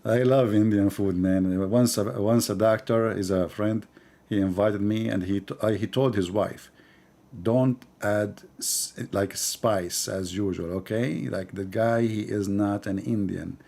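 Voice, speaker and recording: A man hosting a live stream, talking in a mocking, animated way with sudden drops to a mutter. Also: on the low side, moderate pace, gravelly.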